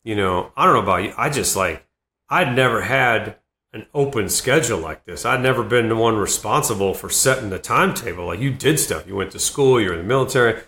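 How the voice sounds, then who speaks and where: Gravelly middle-aged man telling stories. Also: on the low side, animated, brisk, bright, forceful tone. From Boston. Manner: rambling anecdotal storytelling. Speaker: comedian guest. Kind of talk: casual podcast interview. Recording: roomy echo.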